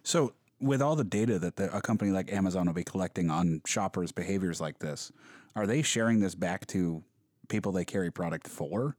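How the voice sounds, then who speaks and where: A man's voice: low voice, brisk, darkish tone, dry recording, clean studio sound. A man co-hosting a podcast interview, asking loosely phrased, probing questions.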